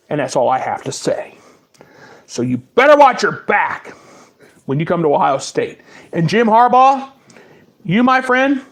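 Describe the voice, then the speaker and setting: A man's voice: high-pitched, a bit bright. A man hosting his own sports podcast, taunting and repeating himself in a fiery solo rant. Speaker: podcast host.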